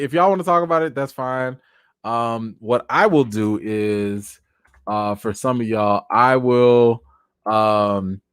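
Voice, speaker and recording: Male live-chat host, mid-pitched, animated and chatty, voice tiring, dry close-miked sound. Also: clean tone, no room sound. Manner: animated, chatty, thanks viewers by name. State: tired, voice wearing out. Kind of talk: casual live chat reading comments.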